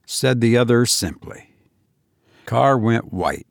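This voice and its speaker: A man narrating a story in a measured reading. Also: lowish voice, animated, gravelly, no room sound, clean studio sound. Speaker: audiobook reader. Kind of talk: scripted narration.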